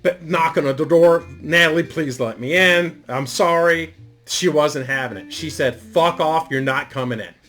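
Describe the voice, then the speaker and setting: A middle-aged YouTube storyteller with a fairly high, fairly bright voice tells a story in a casual monologue. His laid-back delivery is rambling and profane, full of fillers.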